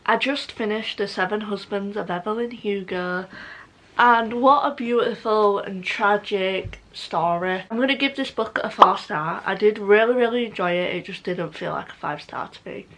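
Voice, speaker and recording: A woman's voice: medium pitch, moderate pace, a bit bright, a little hiss or hum, poor audio. A young woman chatting casually in a reading vlog, gushing and emotional, with many "like"s. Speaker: book vlogger.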